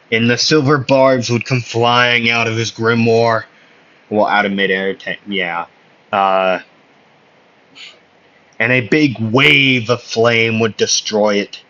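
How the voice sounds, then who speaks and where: A man's voice: on the low side, slow pace, pushed and bright. A man casually telling an anime fan story, rambling and hesitant, with many fillers and self-corrections, on a slightly muffled recording. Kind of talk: casual spoken fan fiction.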